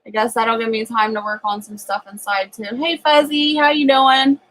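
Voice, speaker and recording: A woman's voice: on the high side, little pitch movement, normal speed, fairly bright tone, rough recording. A woman hosting a homestead channel, chatting casually on a live stream from her home kitchen and laughing often as she reads viewer comments.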